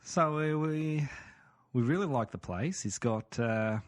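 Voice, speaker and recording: A man voicing a brash, bossy fake-Australian guy in a mock Australian accent, pitched up and boastful. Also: measured pace, close to an everyday voice.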